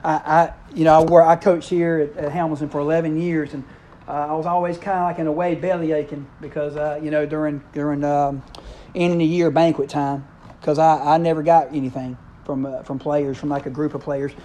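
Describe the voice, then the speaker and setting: Middle-aged male preacher, slightly high, warm tone, conversational sermon style. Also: level tone, brisk. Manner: conversational, checks in with the congregation.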